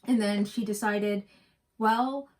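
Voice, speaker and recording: A woman's voice: medium pitch, fairly even intonation, slow, a little mellow. A middle-aged woman from West Virginia co-hosting a cross-stitch vlog, chatting and telling rambling stories. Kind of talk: casual chat.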